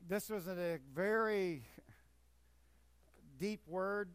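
A man's voice: sits high, extremely slow, clean tone, no room sound. Emphatic preaching man, dry sound. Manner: emphatic preaching, rising and falling in force. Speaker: pastor. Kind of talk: sermon.

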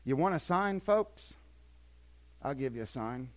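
An older man preaching a sermon as pastor, swinging between quiet asides and emphatic, repetitive points. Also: mid-range voice, lively intonation, unhurried.

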